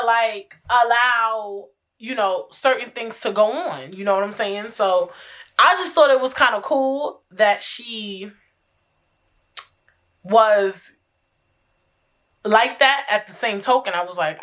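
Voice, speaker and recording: A woman's voice: medium pitch, sharp tone. A young American woman hosting her own podcast, talking frankly and casually, with lots of profanity and laughter. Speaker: podcast host. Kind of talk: casual solo podcast chat.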